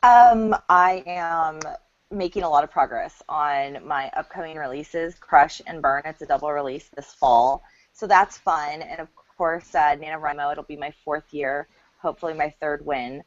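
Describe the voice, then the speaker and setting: A woman guest author on an online chat show, soft-spoken and lightly amused. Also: low-pitched, normal speed. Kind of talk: casual chat on a live web show. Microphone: video call. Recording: dull lo-fi web call audio.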